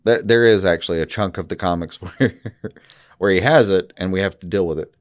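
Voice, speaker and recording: A man's voice: deep voice, a little fast. A man co-hosting a podcast, joking and swearing freely in casual chat. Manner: animated, jokey, swears freely, acts out comic bits. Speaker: podcast co-host.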